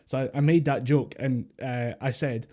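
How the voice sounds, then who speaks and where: A man's voice: medium pitch, steady tone, moderate pace, dark tone. A Scottish man co-hosting a podcast over a voice call, chatting casually in a rambling way, swearing freely and laughing often. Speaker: podcast co-host. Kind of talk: casual chat. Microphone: Discord voice call.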